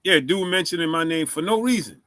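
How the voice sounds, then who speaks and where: Bright-voiced man hosting a casual live stream. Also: a little high, brisk, no room sound. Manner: shouts out viewers, asks for likes; stumbles over words, repeats himself.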